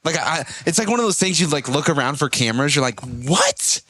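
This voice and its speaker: A man hosting a podcast, talking in a relaxed, conversational way. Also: a little high, fast talker. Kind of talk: casual podcast chat.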